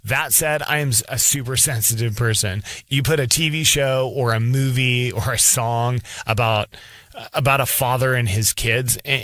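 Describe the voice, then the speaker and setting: A man's voice: medium pitch, a bit bright, dry recording. Blunt, self-deprecating man, dry close sound. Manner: repeats words when starting a thought. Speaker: vlogger, parent. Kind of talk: casual advice monologue.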